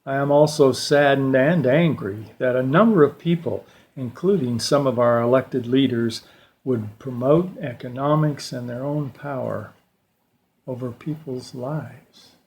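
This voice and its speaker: An older man giving a slow, reflective personal talk at a church service, telling stories with pauses. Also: mid-range voice, a little mellow. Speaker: church lay speaker.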